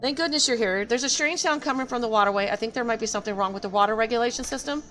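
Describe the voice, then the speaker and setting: A woman's voice: on the high side, racing, a bit bright, soft background music, natural voice. A woman voicing a worried rabbit-folk character in a game, fretting and pleading for help. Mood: fretful.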